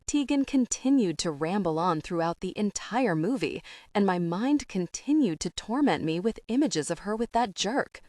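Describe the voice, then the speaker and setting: A woman narrating a romance audiobook in a steady, intimate way. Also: medium pitch, normal speed, no echo, studio quality. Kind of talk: scripted narration.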